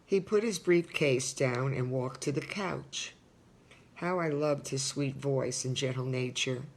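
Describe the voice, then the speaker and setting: A woman's voice: very deep voice, a little slow, slight background noise. An older woman reads her memoir aloud in a sincere, personal tone. She breaks off now and then to talk straight to her listeners, and she marks every bit of dialogue by saying quote and end quote. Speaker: memoir author reading her book. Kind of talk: reading a personal memoir aloud with spoken asides.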